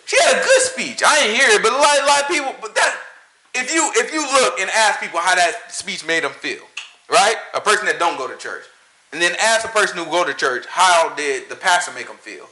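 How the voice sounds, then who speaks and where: A man talking casually about church and preaching, animated and joking, often laughing. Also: sits high, a little fast, echoey room, poor audio. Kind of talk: casual opinion talk.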